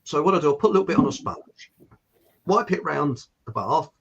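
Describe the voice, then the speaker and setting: A man's voice: a little high, lively intonation, fairly quick, gravelly, fairly bright tone, breathy edge, lo-fi sound. A man from Hertfordshire with an estuary English accent, hosting a casual chat show and rambling cheerfully. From Hertfordshire, England. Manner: chatty, rambling, laughing often. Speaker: host.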